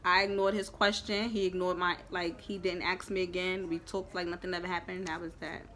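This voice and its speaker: A young woman telling a storytime in a lively, profane, emphatic way. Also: lowish voice, a little fast, a little hiss or hum. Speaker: vlogger. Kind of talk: storytime chat.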